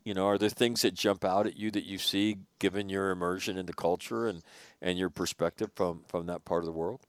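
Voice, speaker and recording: Man, very low voice, dry close sound, casual animated interview host. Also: brisk, dry recording. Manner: animated storyteller, swears casually. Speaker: podcast host.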